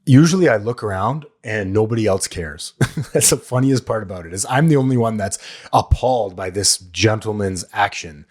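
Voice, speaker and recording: Plainspoken man with a fairly low voice. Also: moderate pace, a little mellow. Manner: candid and plainspoken, with blunt swearing; coaching tone, repeats key lines. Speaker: recovery podcast host. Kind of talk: solo talk on addiction recovery.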